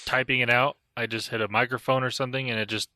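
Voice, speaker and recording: A man's voice: mid-range voice, flat delivery, fast, bright, forceful tone, no echo. A man co-hosting a casual tech podcast, tossing in dry wisecracks. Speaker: podcast co-host.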